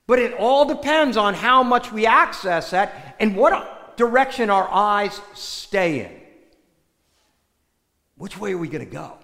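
A man's voice: high-pitched, a bit bright. A man preaching a conversational sermon in a large church hall, putting rhetorical questions to the listeners. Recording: echoey hall with long reverb.

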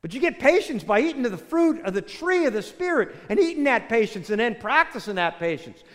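An older man preaching a sermon as a pastor, telling a story and swinging between loud bursts and soft, hushed lines. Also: very high voice, sing-song, brisk, big-room sound.

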